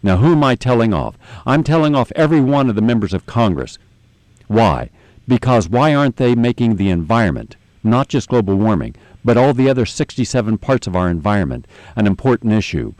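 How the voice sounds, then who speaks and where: A man's voice: fairly low pitch, darkish tone, dry recording. A middle-aged American man delivering an impassioned, angry monologue as a radio host. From United States. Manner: angry, ranting, emphatic.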